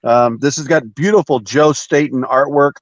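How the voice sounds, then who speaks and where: Halting man on a dull video call. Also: medium pitch, no room sound. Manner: halting, many fillers, chuckles often. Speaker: guest. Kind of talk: casual chat about comics.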